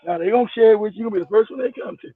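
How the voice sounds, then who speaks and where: A man's voice: high-pitched, rapid-fire. A man calling in for casual banter, profane and laughing as he mocks people. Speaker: caller. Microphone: phone. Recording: tinny dry phone line.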